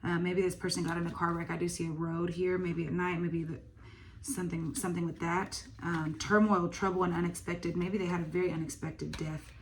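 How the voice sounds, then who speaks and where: A woman with a drawl gives a tarot reading in a low, flat voice, a little fast, thinking aloud with plenty of "um" and "uh" and the occasional swear. Steady noise runs under the recording.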